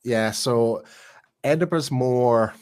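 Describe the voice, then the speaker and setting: Chatting casually as a podcast guest, this Scottish man with a Glaswegian accent speaks slowly in a mid-range voice that's a little mellow, clear, and resonant. His talk is full of fillers and false starts.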